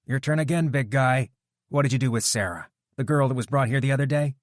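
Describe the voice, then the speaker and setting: A man's voice: medium pitch, fairly quick, no echo, clean studio sound, pitched above the performer's own voice, close to an everyday voice. A man voicing a determined young man who interrogates captors coldly in an audiobook. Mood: commanding. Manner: cold, commanding, relentless. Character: determined young man hunting kidnapped fiancée.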